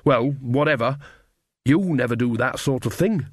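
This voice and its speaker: A man's voice: mid-range voice, moderate pace, no echo, clean studio sound, close to an everyday voice. A man voicing a chatty, folksy old witch woman with coarse, earthy speech. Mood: teasing. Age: over 60.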